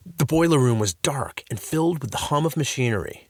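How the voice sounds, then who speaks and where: A man's voice: mid-range voice, lively intonation, a little fast, no echo. A man narrating a children's story in a playful, scripted storybook reading, in a dry close-mic recording.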